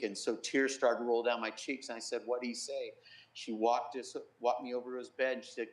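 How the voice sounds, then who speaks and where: A middle-aged man, a pastor, giving an earnest personal testimony in an interview, softly quoting others as he tells it. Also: mid-range voice, level tone, a little fast, roomy sound, poor audio. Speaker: pastor and guest.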